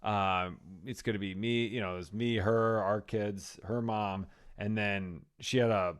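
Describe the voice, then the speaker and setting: A man co-hosting a podcast, telling animated stories in casual chat and laughing at his own jokes. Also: on the low side, a little slow, smooth. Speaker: podcast co-host.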